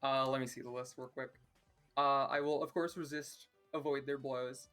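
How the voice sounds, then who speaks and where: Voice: medium pitch, little pitch movement, normal speed, a bit bright, soft background music. A player in a tabletop game, talking casually with hesitations and laughs.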